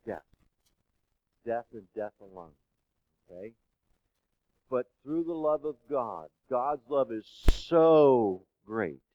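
A man preaching a sermon who keeps asking the congregation questions and swings between soft and loud. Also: mid-range voice, animated, slow pace, long pauses, dull audio. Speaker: pastor.

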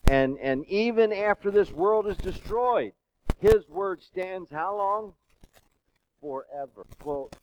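A man preaching a sermon who keeps asking the congregation questions and swings between soft and loud. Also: fairly high pitch, dull audio, slight background noise. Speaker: pastor.

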